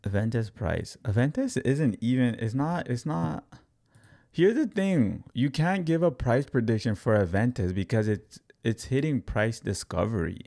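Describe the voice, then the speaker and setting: Gravelly-voiced man streaming crypto talk. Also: mid-range voice, unhurried. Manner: energetic, repeats himself, talks straight to viewers. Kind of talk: casual live-stream market commentary.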